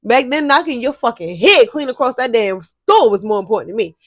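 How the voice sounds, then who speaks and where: A young woman telling a story to her viewers in a casual vlog, animated and swearing freely. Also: a little high, a little fast, no echo. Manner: animated, profane, talks straight to viewers. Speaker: storyteller vlogger.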